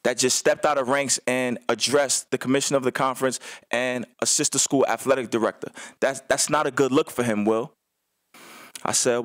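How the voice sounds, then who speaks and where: A man's voice: mid-range voice, fairly even intonation, normal speed, a bit bright, no room sound, clean studio sound. A man, a former assistant basketball coach, telling a story on a radio show in casual slang, acting out other people's lines.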